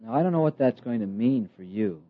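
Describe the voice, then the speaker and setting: A middle-aged man preaching a sermon, slow and emphatic, with dramatic pauses and soft asides. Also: medium pitch, expressive, no echo. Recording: dull, lo-fi dry sound.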